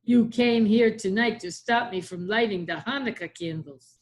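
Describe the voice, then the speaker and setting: A woman reading a storybook aloud, voicing a clever, bold young man who speaks calmly and slyly. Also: mid-range voice, moderate pace, close to an everyday voice. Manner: calm, sly and confident.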